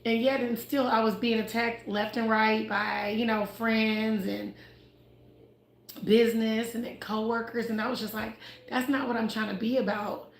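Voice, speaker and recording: A chatty, expressive woman who grew up in Ohio and Houston, talking casually about faith on a livestream and laughing often. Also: fairly high pitch, normal speed, a little hiss or hum. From United States (Ohio, raised in Houston). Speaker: livestream host. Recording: roomy echo.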